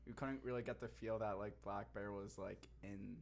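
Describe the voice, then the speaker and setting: A man's voice: lowish voice, steady tone, normal speed, vocal fry, slight background noise. Rambling young man, casual podcast host. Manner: rambling, full of "like", trailing off mid-sentence. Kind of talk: casual chat.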